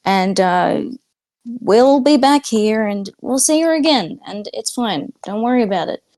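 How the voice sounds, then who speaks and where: A woman's voice: a little high, lively intonation, measured pace, darkish tone, dry recording. A woman playing a tabletop game, chatting casually in a laid-back way and laughing easily. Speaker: player.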